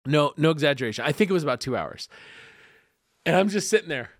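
A man speaking as a podcast guest, telling a personal story in an animated way, laughing often and acting out what people said. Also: on the high side, fast, dry recording, clean studio sound. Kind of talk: conversational storytelling.

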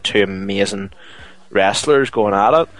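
A man's voice: lowish voice, unhurried, rough recording. A man co-hosting a casual podcast, telling stories with lots of fillers. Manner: chatty, steady storytelling with many fillers. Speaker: podcast co-host. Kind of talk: casual chat.

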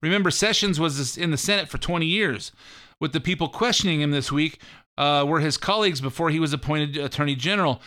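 A man's voice: on the high side, a little fast, bright, forceful tone. A man hosting a show of casual political commentary, rambling and folksy with a mocking edge. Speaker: host.

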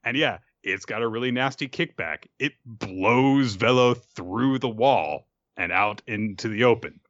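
A man's voice: medium pitch, measured pace, fairly bright tone, no room sound, highs cut off. A man animatedly recapping a show in casual chat, laughing often.

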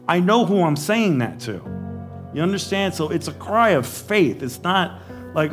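A man's voice: sits high, animated, moderate pace, faint music behind. A man preaching a sermon in an earnest, pleading and emotional way.

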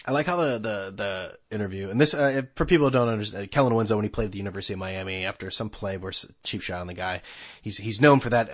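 A man's voice: fairly low pitch, fast talker. A man hosting a podcast alone, rambling in a sarcastic, casual way and swearing freely. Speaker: podcast host. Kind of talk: casual solo chat.

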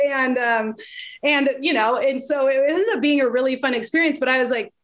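A woman in her late thirties telling a personal story in candid conversation, animated and laughing often. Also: high voice, fairly quick. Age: late 30s. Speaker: podcast guest.

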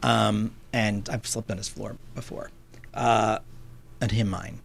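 A man, a comedian, chatting casually and telling a lively story, acting out the voices of the people in it. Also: on the low side, takes it slowly, gravelly, a little hiss or hum. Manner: animated storyteller, acts out quoted voices. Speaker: comedian guest. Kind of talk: casual chat.

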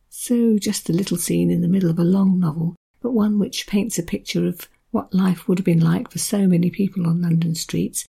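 A woman with a gravelly, husky voice presents a book and reads short passages from it. Her tone is dark and mellow. She explains things in a relaxed, conversational way. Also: fairly low pitch, moderate pace, hardly any pauses. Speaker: book reviewer. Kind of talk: book review with read extracts.

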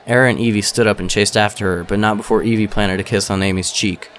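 Deep voiced guy reading a story aloud, steady. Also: fast talker, slight background noise. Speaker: narrator.

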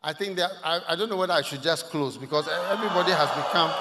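A man preaching a sermon to a congregation, dropping to hushed asides and rising to loud shouts. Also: on the high side, quick pace, few pauses, slight background noise. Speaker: pastor. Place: large church hall. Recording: long hall reverb.

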